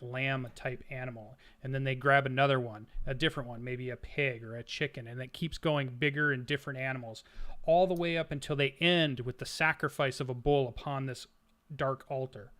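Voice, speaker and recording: A man's voice: medium pitch, pushed and bright. A man narrating a tabletop role-playing game as game master, setting scenes like camera shots, with frequent fillers and restarts.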